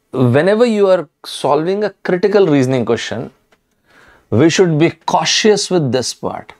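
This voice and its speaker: A man's voice: fairly high pitch, darkish tone. A man teaching a live online lesson, emphatic and addressing students directly, repeating key words. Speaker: online exam-prep teacher.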